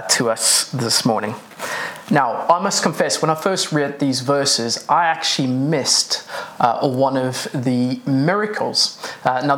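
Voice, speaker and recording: A man's voice: medium pitch, a bit bright. A man preaching a sermon in a conversational way, with many fillers and restarts.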